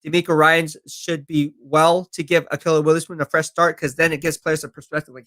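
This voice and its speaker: A man's voice: a little high, little pitch movement, fairly quick, few pauses, pushed and bright. A man live-streaming football talk, reading viewer comments and answering them in a confident, chatty way. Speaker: sports streamer.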